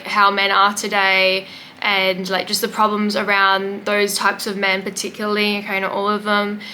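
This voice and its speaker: Sassy bright-voiced young woman. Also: medium pitch, a little hiss or hum. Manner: sassy, emphatic, chatty, with lots of fillers. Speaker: podcast host. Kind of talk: casual monologue.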